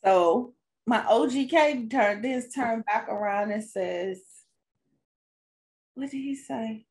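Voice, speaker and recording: This relaxed storyteller, a podcast co-host and mother and stepmother, recounts a casual family story with frequent laughs. Her voice is a little high and her pace slow.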